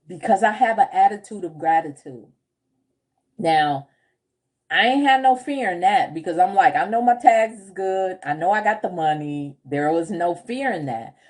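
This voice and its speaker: A woman's voice: mid-range voice, lively intonation, moderate pace, a little mellow. A woman business coach chatting casually on a livestream, telling stories with frequent laughs and answering viewer comments. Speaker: group home business coach.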